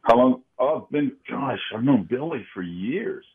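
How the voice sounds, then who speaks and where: A man's voice: mid-range voice, lively intonation, moderate pace, slightly rough. A man from Kansas City, a security consultant guest, talking in a laid-back, agreeable way. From Kansas City, United States. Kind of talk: casual interview. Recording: phone line.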